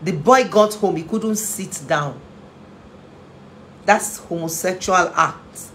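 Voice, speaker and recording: Speaking slowly in a fairly low, fairly bright voice, a family therapist and inspirational speaker gives an emotional talk about parenting. She is earnest and pleading, often repeating phrases for emphasis, and there's a bit of hiss or hum.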